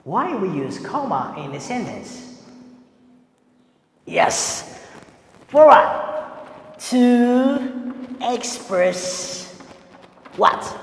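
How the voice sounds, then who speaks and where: Slow, deliberate male teacher in an echoey room. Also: very high voice, slight background noise. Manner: slow, deliberate, repeating key words for students. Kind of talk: classroom grammar lesson. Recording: echoey room with long reverb and faint ambience.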